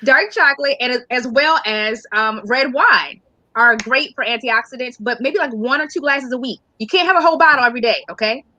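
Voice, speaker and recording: A woman's voice: fairly high pitch, fairly quick, sharp tone, no room sound, low-quality recording. A woman co-host chatting casually on a video call, laughing and explaining science in plain terms. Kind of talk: casual group chat.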